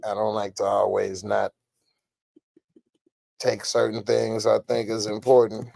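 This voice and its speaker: A man hosting a podcast in casual commentary, animated and slangy, laughing often. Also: on the low side, unhurried, gravelly, no room sound. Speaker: podcast host.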